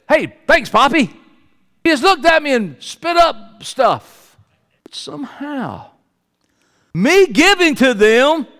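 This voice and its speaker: A male pastor, preaching a sermon and swinging between loud high exclamations and low, quiet asides. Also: long reverb tail.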